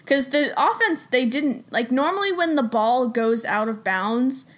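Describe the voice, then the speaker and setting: A young woman co-hosting a casual podcast. She explains things in a rambling way, stopping and restarting often. Her voice sits somewhat high. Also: measured pace. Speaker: podcast co-host.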